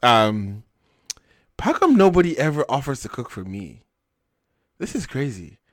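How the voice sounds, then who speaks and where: A young man hosting a casual talk show, laid-back and animated, with plenty of slang and fillers. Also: mid-range voice, measured pace, no room sound, clean studio sound. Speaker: podcast host. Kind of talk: casual chat.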